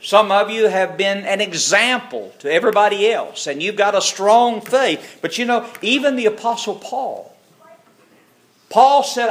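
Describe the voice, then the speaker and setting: A man delivering a sermon. He tells the story vividly and acts out the characters' lines. His voice sits a little high for a man. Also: animated, measured pace. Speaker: preacher.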